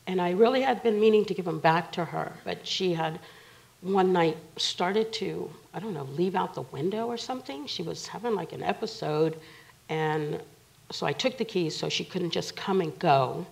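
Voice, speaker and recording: A woman guest on a TV talk show, retelling events in a casual and vivid way. Her voice is low with a gravelly, creaky texture. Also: moderate pace, rough recording. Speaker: guest, bereaved mother. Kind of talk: personal storytelling in a TV interview.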